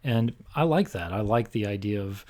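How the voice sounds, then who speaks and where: A man's voice: fairly low pitch, lively intonation, normal speed, a little mellow. Rambling male podcast host. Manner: rambling, full of fillers and restarts. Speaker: podcast co-host leading discussion. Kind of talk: casual film discussion.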